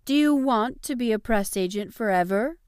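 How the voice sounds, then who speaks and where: Blunt, impassive young woman, voiced by the narrator, smooth and dry. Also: a little high, expressive, normal speed, darkish tone, no room sound, pitched above the performer's own voice, close to an everyday voice. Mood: serious.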